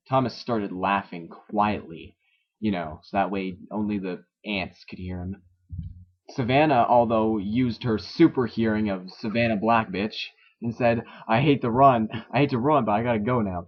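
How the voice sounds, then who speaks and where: Guy reading some story and roasting it, swears a lot, middle pitch, muffled lo-fi mic. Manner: sarcastic, swears a lot, laughs at the text. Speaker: story reader. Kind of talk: mocking read-through of a story. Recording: dull lo-fi recording.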